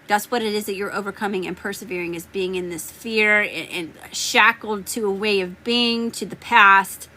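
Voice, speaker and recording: A woman's voice: medium pitch, normal speed, hardly any pauses, pushed and bright, low-quality recording. A woman with a Southern US accent giving live tarot readings, chatting and greeting viewers by name. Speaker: tarot reader.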